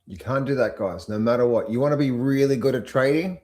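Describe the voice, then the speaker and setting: A man hosting a casual live market stream, mock-panicking and then talking himself calm. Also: medium pitch, fairly quick. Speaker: trading channel host.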